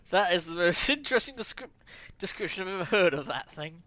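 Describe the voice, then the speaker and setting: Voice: medium pitch, lively intonation, fast, hardly any pauses, sharp tone, dull audio, slight background noise. Giggly let's-read host. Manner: giggly, joking. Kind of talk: casual commentary.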